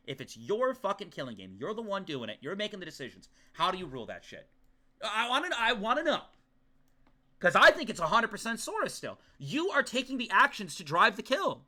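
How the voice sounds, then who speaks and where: Excitable high-pitched streamer man ranting. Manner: excitable, ranting, swears often. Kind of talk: live game commentary.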